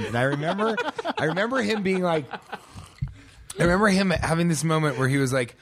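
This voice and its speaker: A man's voice: on the high side, animated, brisk. A male comedian in casual chat, telling a rambling anecdote and acting out the other people in it.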